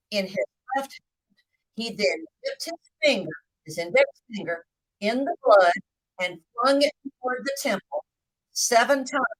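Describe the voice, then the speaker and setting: A woman giving a live video Bible teaching, speaking slowly and deliberately, with the occasional hiccup. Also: medium pitch, no room sound, rough recording. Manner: slow, deliberate, lively intonation.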